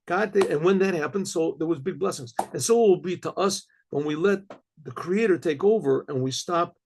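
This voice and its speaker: A middle-aged rabbi telling a story in a conversational way, with many restarts. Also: male voice, on the high side, moderate pace, vocal fry, background noise.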